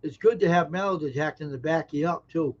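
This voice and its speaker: A man's voice: a little high, a little fast. Folksy man chatting on a stream. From American South. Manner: folksy, joking, talks straight to chat viewers. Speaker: live stream host. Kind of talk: casual live stream chat, reading viewer comments. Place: indoors at home. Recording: dull lo-fi stream audio.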